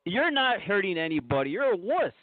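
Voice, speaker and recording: A man with a high voice calls into a radio show over the phone. He repeats himself insistently and keeps asking not to be interrupted. The line is tinny and dry. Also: big pitch swings, a little fast, no room sound. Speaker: caller. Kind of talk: call-in phone conversation.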